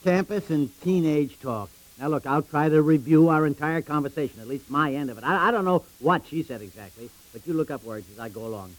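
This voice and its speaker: An actor playing a fussy, easily flustered middle-aged husband in a 1950s radio comedy, sputtering and indignant. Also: male voice, fairly high pitch, brisk, hardly any pauses, natural voice, low-quality recording.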